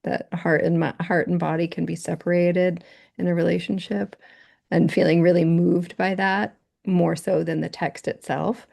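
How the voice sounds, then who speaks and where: Woman, workshop participant, chatty, low gravelly voice. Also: level tone, moderate pace, dark tone. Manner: chatty, quotes text, asks others in. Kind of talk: casual discussion.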